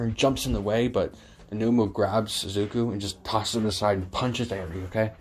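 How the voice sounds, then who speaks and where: A man's voice: on the low side, normal speed, a little mellow. A man improvising a fan-fiction story, rambling with many fillers and self-corrections.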